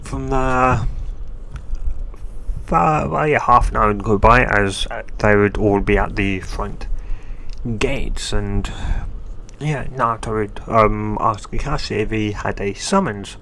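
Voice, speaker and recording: A man's voice: lowish voice, slow, creaky, bright, forceful tone, a little hiss or hum. A man improvising a fan-fiction story aloud, rambling with many fillers and restarts.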